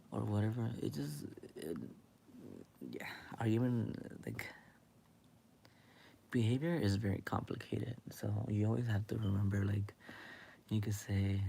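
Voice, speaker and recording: A young man rambling in a late-night monologue, hesitant and halting, with many fillers, often dropping into a whisper. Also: lowish voice, creaky, dark tone, slight background noise. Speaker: vlogger.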